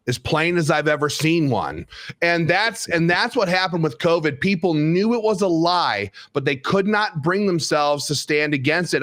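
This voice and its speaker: A man's voice: a little high, fairly bright tone. A man co-hosting a political podcast, telling long emphatic stories in an opinionated, rambling way. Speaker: podcast co-host.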